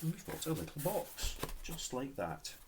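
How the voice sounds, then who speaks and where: A man's voice: on the high side, sing-song, moderate pace. A man chatting casually as an online book seller, talking while he packs an order. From United Kingdom. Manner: chatty, easygoing, talks while working with his hands. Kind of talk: casual vlog narration while packing. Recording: loud background noise with clicks.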